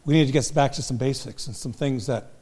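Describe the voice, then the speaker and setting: A man's voice: mid-range voice, fairly quick, darkish tone, husky. An older man, a pastor and marriage counselor, giving a humorous, self-deprecating talk to a live audience. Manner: self-deprecating, joking storyteller.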